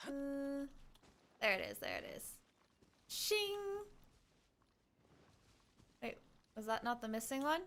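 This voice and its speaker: A woman's voice: a little high, lively intonation, moderate pace, creaky, long pauses, a bit bright. A woman streaming a game, chatting casually with her viewers and talking to herself as she plays. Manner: hums tunes and quotes game lines. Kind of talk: casual gameplay chat.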